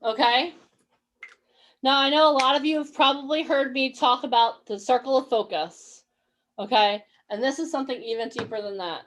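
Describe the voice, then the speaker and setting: A woman's voice: high voice, normal speed, a bit bright. A woman coaching actors and models in a motivational online workshop. She talks energetically, encourages her listeners and keeps asking them questions.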